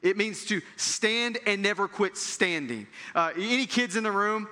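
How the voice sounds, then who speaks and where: A man's voice: high-pitched, a little slow, bright, forceful tone. A man preaching a sermon to his congregation in a conversational way that builds to emphatic peaks. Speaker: pastor. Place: large church hall. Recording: long reverb of a large hall.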